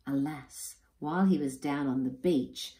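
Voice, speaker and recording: A woman reading a children's picture book aloud, expressive and unhurried. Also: rumbling low. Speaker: storyteller. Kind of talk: children's story read-aloud. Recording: roomy echo.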